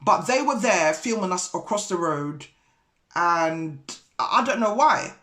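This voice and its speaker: A woman vlogger and broker, telling a story in an indignant, animated way. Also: lowish voice, measured pace. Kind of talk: casual storytelling vlog.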